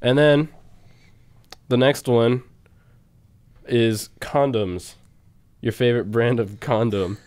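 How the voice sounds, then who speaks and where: A man's voice: medium pitch, steady tone, slow pace, long pauses, darkish tone, clear, resonant tone, dry recording. A young man co-hosting a casual college radio show, rambling through stats and song intros with frequent fillers and laughs.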